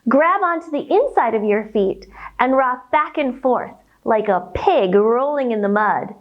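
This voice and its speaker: A woman leads a children's yoga storytime, reading a picture book and guiding poses. Her voice sits high and swings widely in pitch, playful and instructive. She speaks slowly and gently, giving the children time to follow. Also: expressive, highs cut off.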